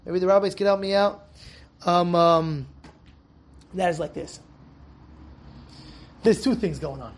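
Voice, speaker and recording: A young adult rabbi giving an animated, emphatic Torah lesson to young students, telling a story and repeating phrases for stress. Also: male voice, high voice, a little slow, long pauses. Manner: emphatic, repeats phrases, shouts in acted quotes.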